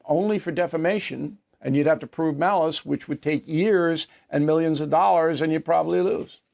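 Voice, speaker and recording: Man, 70s, American accent, news commentary host, gravelly voice, blunt and emphatic. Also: a little high, moderate pace, a little mellow. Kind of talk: opinion commentary answering viewer mail.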